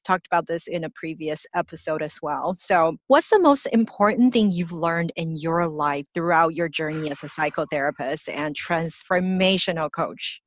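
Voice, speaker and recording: A woman hosts a podcast interview, cheering on her guest's points before asking the next question. Her voice sits low and sounds dry and close, with no room around it. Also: moderate pace, few pauses, no echo. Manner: warm, affirming replies. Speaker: podcast host.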